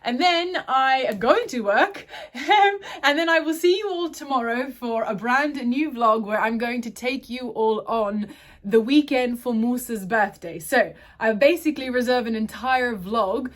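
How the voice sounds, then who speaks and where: A woman's voice: fairly high pitch, measured pace. A woman chatting casually to her phone camera at home, rambling and correcting herself as she goes. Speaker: vlogger. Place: at home, indoors.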